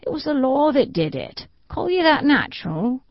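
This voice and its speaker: A woman's voice: high voice, very animated, moderate pace, no echo, pitched above the performer's own voice. A woman voicing a blunt, complaining peasant man in an audiobook. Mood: bitter. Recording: dull, dry audiobook recording.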